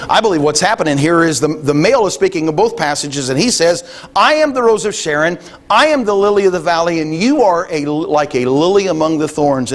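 Conversational preacher with a higher voice. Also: male voice. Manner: conversational, thinking aloud with many restarts. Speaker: pastor. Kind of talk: sermon.

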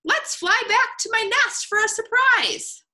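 A woman's voice: on the high side, expressive, a little slow, pushed and bright, full character voice. A woman voicing a grumpy male bird in a children's storybook reading, with curt, irritable replies. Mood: cheerful.

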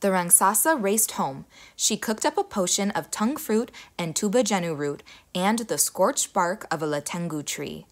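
A woman's voice: medium pitch, moderate pace, hardly any pauses. Young woman reading a kids story, voice swings up and down a lot. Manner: expressive, animated reading. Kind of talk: children's story read aloud.

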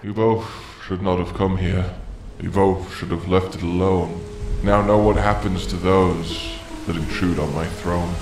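A man's voice: low-pitched, flat delivery, unhurried. A man voicing a menacing male storm dragon god who raps boastful rhymes. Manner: boastful rhyming rap over a beat. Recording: echoey mix with loud hip hop beat.

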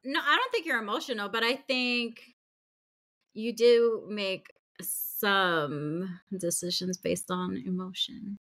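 A woman's voice: medium pitch, slow, a bit bright, no room sound. A woman hosting a podcast in casual conversation, agreeing and laughing often. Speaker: podcast host. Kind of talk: casual chat.

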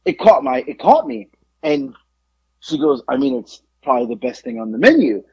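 A man co-hosting a podcast in casual chat, telling a story with lively acted-out quotes and free swearing. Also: medium pitch, moderate pace, slightly rough, highs cut off. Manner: animated storyteller, acts out quotes, swears freely. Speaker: podcast co-host.

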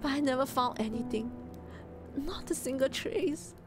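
A small, gentle orphan girl speaks in a high, halting voice, fighting back tears as her words falter, as a woman reading aloud puts her on. Her soft storybook voice sits over clear music in the background. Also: natural voice. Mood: halting, sad.

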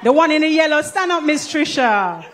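Jamaican woman, stage co-host, playful and coaxing, a touch high. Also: expressive, normal speed, a bit bright, some chatter behind. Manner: playful, coaxing, laughs often. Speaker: co-host of a church service. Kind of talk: lively stage emceeing.

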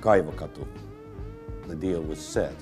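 A man, a record producer, recalling past events in a relaxed, rambling interview with many fillers. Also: a bass voice, unhurried, over music. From England. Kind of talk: interview recollection.

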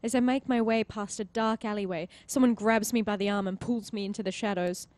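A woman reading a story game aloud as its narrator, expressive and with giggly asides. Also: medium pitch, fairly quick. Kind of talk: narrating a visual novel playthrough.

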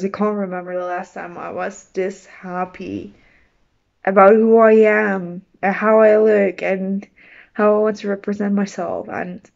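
A woman chatting casually in her reading vlog, bubbly and excitable, rambling with restarts and little laughs. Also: mid-range voice, vocal fry, muffled recording. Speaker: book vlogger.

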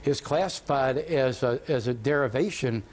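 A man's voice: medium pitch, normal speed, darkish tone, slight background noise. Chatty male host. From Kentucky. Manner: chatty, joking. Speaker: TV morning show host. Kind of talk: casual interview chat.

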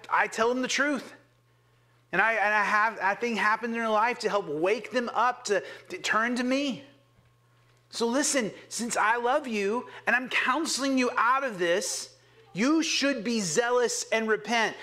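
Earnest man preaching, bright voice. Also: sits high. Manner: earnest, swings from hushed whispers to emphatic urging. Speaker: pastor. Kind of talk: sermon.

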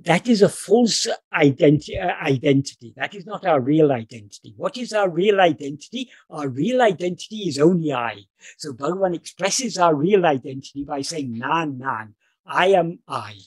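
A man giving a measured spiritual talk over a video call, explaining step by step with many fillers and restarts. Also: a little high, animated, dry recording. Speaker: teacher.

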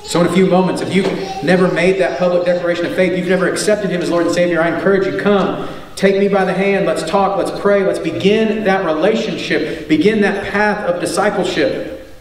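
A man's voice: high-pitched, steady tone, fairly quick, a little hiss or hum. A male pastor preaching an earnest sermon, stressing his points through repetition. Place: church sanctuary. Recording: echoey church hall, mic at a distance.

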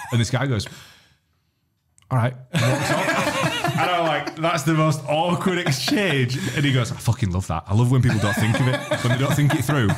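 A man's voice: medium pitch, animated, normal speed, husky. A man hosting a podcast, telling laughing, swearing anecdotes. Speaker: podcast host. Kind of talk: casual podcast chat.

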